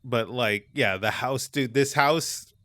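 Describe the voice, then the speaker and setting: A man's voice: medium pitch, takes it slowly, pushed and bright, dry recording. A man on a gaming podcast, casually and animatedly retelling a scary play session, swearing as he goes. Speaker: podcast host.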